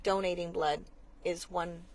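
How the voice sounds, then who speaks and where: A woman's voice: lowish voice, fairly even intonation, measured pace, slight background noise. Earnest woman explaining a cause. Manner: earnest, explanatory, many restarts. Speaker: blood center marketing manager, guest. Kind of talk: conversational interview.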